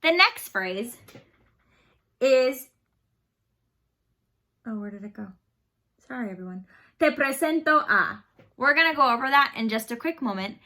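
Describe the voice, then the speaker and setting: A woman's voice: high-pitched, animated, a little slow, pauses often, sharp tone. A woman teaching a beginner Spanish lesson online, explaining phrases patiently and leading repeat-after-me drills.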